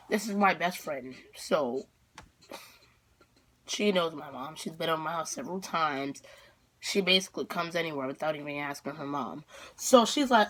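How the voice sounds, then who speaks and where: A female vlogger telling a dramatic story-time tale with excitable energy, packed with fillers and sudden outbursts. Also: sits low, normal speed.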